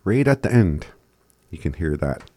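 A man giving a casual language lesson, laid-back and chuckling often as he spells words out slowly. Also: low voice, big pitch swings, mellow. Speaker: language teacher.

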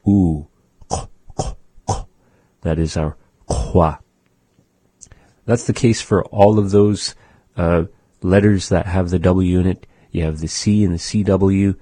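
Patient male language teacher, husky and dry, sounds things out. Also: deep voice, dark tone, no room sound. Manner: slow, patient, demonstrates sounds aloud. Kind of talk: radio language lesson.

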